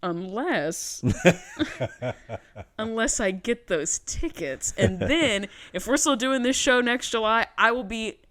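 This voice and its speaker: A young woman co-hosts a podcast and chats casually. Her voice is bright and forceful. She talks in an animated, self-mocking way and swears freely. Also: on the high side, slow pace. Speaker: podcast co-host. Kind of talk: casual chat.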